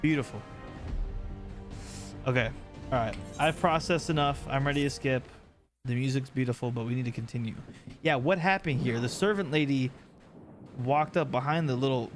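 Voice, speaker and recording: A man's voice: medium pitch, moderate pace, long pauses. Young guy streaming a game, joking around with chat, game music going behind him. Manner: animated, joking, recapping story beats. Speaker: livestreamer. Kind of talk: casual game stream commentary.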